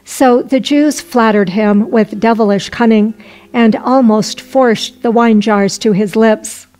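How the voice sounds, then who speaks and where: Slow, high-voiced woman reading folk tales. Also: poor audio. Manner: slow, even-paced reading. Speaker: narrator. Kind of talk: storybook narration. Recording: faint music underneath.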